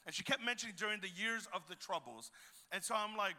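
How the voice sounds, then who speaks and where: Bright, animated man preaching. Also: sits high, fast. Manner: animated and jokey, acts out voices in anecdotes. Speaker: guest preacher and youth pastor. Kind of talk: storytelling sermon. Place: church auditorium. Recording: long hall reverb.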